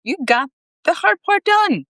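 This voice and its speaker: Casual: lady doing a jokey saint guy, voice pushed up high, real bouncy. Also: very animated, measured pace, fairly bright tone, dry recording, studio quality, full character voice. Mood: joking. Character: wisecracking male saint, quippy gatekeeper.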